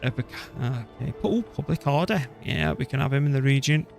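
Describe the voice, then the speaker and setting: Chatty and a little fast, this man offers casual commentary on his strategy game as a streamer, talking to himself and cursing lightly along the way. His voice sits at medium pitch, sounds animated and creaky, and soft music plays in the background.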